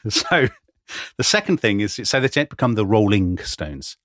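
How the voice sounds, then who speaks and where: A man with a lowish voice narrates history to his co-host in a wry, chatty manner, slipping into little laughs. The sound is close and dry, with no room around it. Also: sing-song, normal speed, a bit bright, no echo. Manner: wry, chatty storyteller who laughs mid-sentence. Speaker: podcast co-host. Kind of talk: conversational history storytelling.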